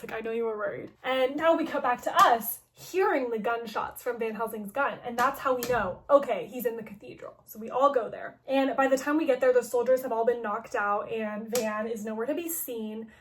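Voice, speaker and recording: Chatty young woman with a higher voice, filler-heavy, casual story recap. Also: slight background noise.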